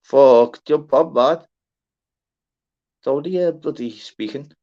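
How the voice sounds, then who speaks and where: Young Scouse bloke host, low voice, dull lo-fi stream sound, sweary and chatty. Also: male voice, normal speed. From Liverpool, England. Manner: chatty, sweary, greets viewers by name. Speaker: livestream panel host. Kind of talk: casual live chat.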